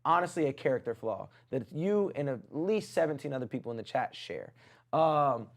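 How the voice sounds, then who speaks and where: A man's voice: medium pitch, big pitch swings, moderate pace, creaky. A man hosting a casual music review livestream, teasing his chat in playful banter.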